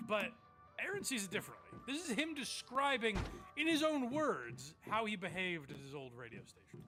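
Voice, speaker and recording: Male host, high and lively voice, rambling and profane, reacting to clips on stream. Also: moderate pace, over music. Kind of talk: casual commentary on clips.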